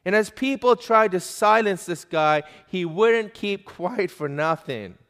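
A man's voice: high-pitched, animated, a little slow, fairly bright tone. A male preacher giving an emphatic sermon, pressing his listeners with pointed questions. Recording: long hall reverb.

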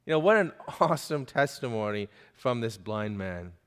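A man's voice: medium pitch, big pitch swings, moderate pace, clear, resonant tone. A male preacher giving an emphatic sermon, pressing his listeners with pointed questions. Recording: long hall reverb.

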